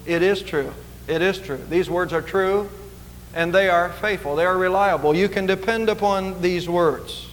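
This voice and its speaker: Male pastor, high voice, emphatic sermon delivery, church reverb. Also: steady tone, moderate pace, a little hiss or hum. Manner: earnest, emphatic preaching with repetitions. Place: church sanctuary.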